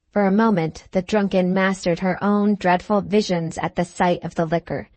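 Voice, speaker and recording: A woman reading a classic novel aloud as an audiobook narrator, in a measured, dramatic manner. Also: fairly low pitch, fairly even intonation, darkish tone, dry recording. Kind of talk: scripted narration.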